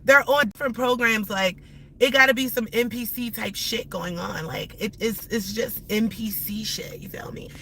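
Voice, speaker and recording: A woman ranting bluntly and profanely while driving, her voice moving between loud outbursts and hushed asides. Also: fairly high pitch, normal speed. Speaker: live-stream host. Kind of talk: ranting live-stream vlog. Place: inside a car while driving. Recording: steady car and road noise.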